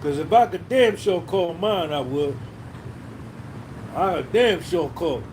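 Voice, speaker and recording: A man's voice: fairly high pitch, animated, takes it slowly, background noise. Rambling, cursing man with a raised voice. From New Jersey. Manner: rambling, profane, reminiscing, reading out chat names. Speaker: podcast host. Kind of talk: casual livestream chat.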